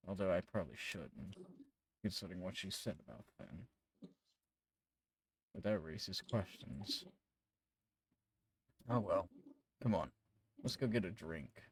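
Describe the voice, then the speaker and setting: A man's voice: low voice, a little mellow, slightly rough, low-quality recording. A man running a tabletop game as game master, narrating casually, laughing and swearing.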